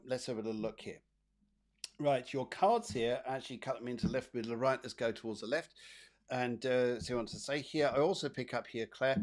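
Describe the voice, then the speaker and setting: A chatty psychic medium host gives live card readings for viewers, rambling, repeating phrases and using frequent fillers. His voice sits in the mid range.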